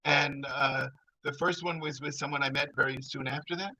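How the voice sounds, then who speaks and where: A man's voice: mid-range voice, fairly even intonation, normal speed, bright, forceful tone, no echo, rough recording. A middle-aged man telling a personal story in a rambling, conversational way. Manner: rambling, conversational, full of fillers.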